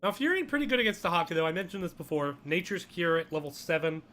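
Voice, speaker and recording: A man's voice: fairly high pitch, quick pace, a bit bright. A man casting an esports draft solo on a live stream, casual and crude, with joking asides. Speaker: esports caster.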